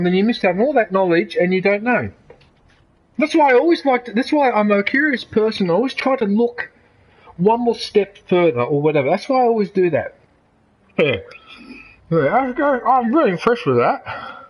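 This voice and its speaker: A man's voice: high-pitched, sing-song, moderate pace, breathy edge, low-quality recording. A middle-aged Australian man, a gaming streamer, rambling in casual commentary, opinionated and swearing freely. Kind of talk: casual commentary over gameplay.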